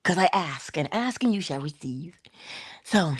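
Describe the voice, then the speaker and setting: A woman hosting a spiritual talk, animated and laughing often as she tells stories. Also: lowish voice, a little slow, husky. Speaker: spiritual channel host. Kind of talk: casual spiritual talk to viewers.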